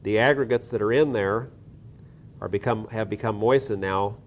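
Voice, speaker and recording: Man, lower voice, soil science instructor, methodical step-by-step demo, faint rumble behind. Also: moderate pace. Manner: methodical, explains step by step with small restarts. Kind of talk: hands-on lab demonstration.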